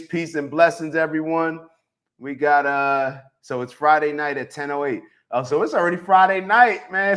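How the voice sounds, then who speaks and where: A man hosting a casual morning livestream, bouncing between loud hype for his viewers and quiet muttering to himself. His pitch sits in an ordinary middle range, and he talks into a handheld mic. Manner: lively, hypes up viewers with shout-outs. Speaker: host.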